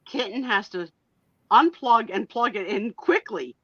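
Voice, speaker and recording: A woman's voice: fairly high pitch, slightly rough, dry recording, muffled recording. A woman from New Jersey with a New Jersey accent, chatting animatedly and giggling on a live stream. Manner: animated, giggly, quick to exaggerate. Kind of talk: casual live-stream chat.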